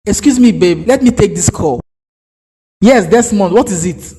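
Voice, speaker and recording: Brief: rich temperamental Nigerian suitor, high-pitched for a man, reverby. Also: lively intonation, moderate pace, warm tone. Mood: angry. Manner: smooth with a date, harsh and insulting on the phone. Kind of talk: cartoon voice acting.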